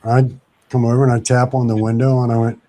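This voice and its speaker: A man tells a story in a relaxed, easygoing way and slips into the people's voices when he quotes them. His voice is mellow and dark. It sounds like casual podcast talk. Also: mid-range voice, fast. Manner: animated anecdote telling with acted quotes.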